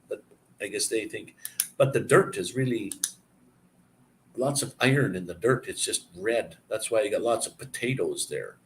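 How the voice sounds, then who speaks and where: A man's voice: on the low side, moderate pace, slight background noise, poor audio. A man hosting a live stream, chatting casually and rambling from one story to the next with chuckles.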